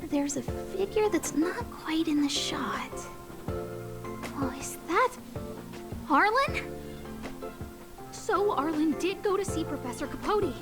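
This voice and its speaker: A woman voicing an earnest young female station chief in a game, speaking in a slow, thoughtful and curious way. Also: very high-pitched, expressive, over music, heavily acted. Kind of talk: game voice acting.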